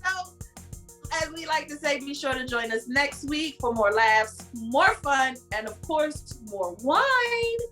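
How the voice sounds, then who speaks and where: A woman co-hosts a casual podcast, chatting loosely with plenty of fillers and frequent laughter. Her voice sits fairly high and sounds bright and forceful. Faint music plays underneath. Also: unhurried, poor audio. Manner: laughs often, rambling fillers. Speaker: podcast co-host. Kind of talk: casual chat.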